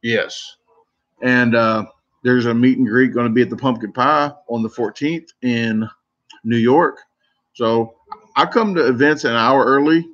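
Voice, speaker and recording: Brief: man, mid-pitch voice, casual live stream chat, rambling stories, muffled lo-fi audio. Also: steady tone, unhurried, fairly bright tone. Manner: rambling, self-interrupting storytelling. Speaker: competitive eater streamer.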